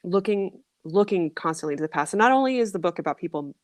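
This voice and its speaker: A woman's voice: on the low side, lively intonation, fast talker, no echo. A woman hosting a podcast, chatting casually and enthusiastically about books, with frequent restarts. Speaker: podcast host. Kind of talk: casual chat.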